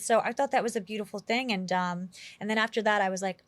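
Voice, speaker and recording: A woman from New York City, an actress being interviewed, telling animated stories in a chatty way with lots of acted-out quotes. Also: medium pitch, quick pace, no echo. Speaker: actress guest. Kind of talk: casual interview storytelling.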